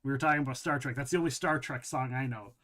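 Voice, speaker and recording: A man's voice: mid-range voice, fast talker, sharp tone. A man hosting a live game stream, chatting casually to viewers, joking and rambling and chuckling often.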